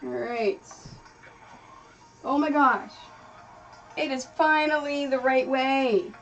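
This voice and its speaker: A woman's voice: high voice, fairly even intonation, slow pace, distant mic, highs cut off. A woman streaming from her home craft room, chatting casually in a rambling way with many fillers. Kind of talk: casual chat while quilting. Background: music playing.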